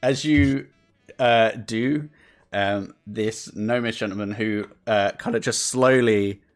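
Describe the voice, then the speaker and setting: A man narrating as game master in a relaxed, rambling way with many fillers. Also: lowish voice, slow pace, faint music behind.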